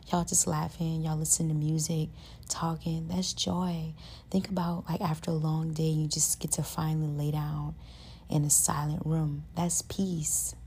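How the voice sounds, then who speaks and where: Low, gravelly woman podcast host. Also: slight background noise. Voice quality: says her voice is high-pitched and gets loud with passion. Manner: earnest, conversational, lots of fillers like "like" and "you know". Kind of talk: casual self-help monologue.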